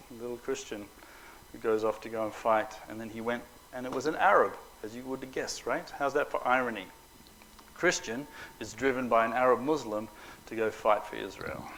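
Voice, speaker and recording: A middle-aged man telling personal stories to an audience at a Bible school, animated and joking, acting out the quotes. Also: medium pitch, a little hiss or hum, poor audio. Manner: animated storyteller, acts out quotes, joking asides. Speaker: preacher. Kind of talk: storytelling talk to an audience.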